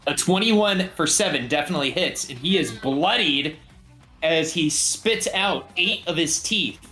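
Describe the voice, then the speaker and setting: A man running a tabletop game as game master, relaxed and jokey. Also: fairly high pitch, a little slow, faint music behind. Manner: relaxed, jokey, voices bandits in passing.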